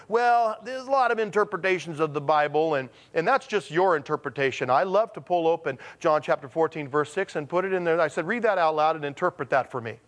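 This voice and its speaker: A man preaching from the pulpit, his voice sitting a bit higher than most men's. He tells stories with animated, acted-out quotes, then slows to a firm, deliberate pace to drive home each point. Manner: animated storytelling, acts out quotes with sudden pitch jumps; slows to a deliberate, emphatic delivery on key points. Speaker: pastor. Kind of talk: sermon.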